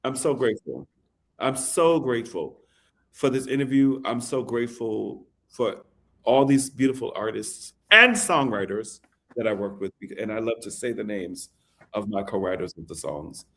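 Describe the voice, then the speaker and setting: A man, a songwriter, telling a story in an interview with animated delivery. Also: lowish voice, moderate pace. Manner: animated, recites lyrics softly. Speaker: songwriter guest.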